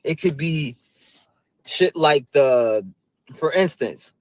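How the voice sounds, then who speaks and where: A man in a played video clip, talking in a halting, rambling way. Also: on the high side, lively intonation, dry recording, poor audio.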